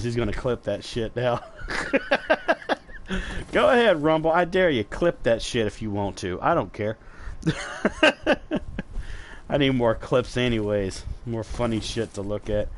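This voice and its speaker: A man's voice: lowish voice, a little hiss or hum. Chatty, rambling man streaming a game. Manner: rambling, chatty, swears freely, talks straight to viewers. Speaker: gaming streamer. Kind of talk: casual live gameplay commentary.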